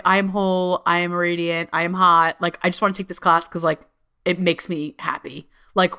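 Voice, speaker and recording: A woman talks through her solo podcast in a loose, unscripted way, swearing freely and leaning on "like". Her voice is bright and forward, and it leaps high in bursts of animation. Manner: chatty, heavy swearing and frequent "like" fillers; animated, with sudden jumps up in pitch. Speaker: podcast host. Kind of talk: casual solo podcast monologue.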